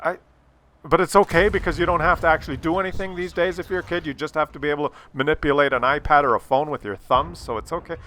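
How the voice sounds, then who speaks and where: A man's voice: on the high side, fairly even intonation, fast talker, few pauses, sharp tone, slight background noise. An older man telling a rambling, sarcastic, profane story as a gaming YouTuber talks over gameplay.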